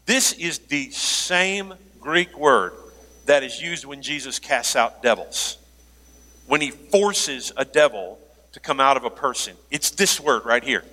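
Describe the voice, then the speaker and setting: A man preaching a sermon as pastor, animated, joking aside and laughing now and then. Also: mid-range voice, unhurried. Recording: long hall reverb.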